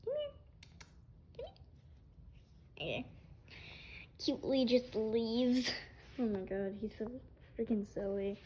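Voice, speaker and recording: A woman's voice: fairly high pitch, slow, long pauses, dark tone, a little hiss or hum. A young woman filming her pet bird at home on a phone, cooing at him and giggling. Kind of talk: casual home vlog. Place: home kitchen, indoors. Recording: dull lo-fi sound.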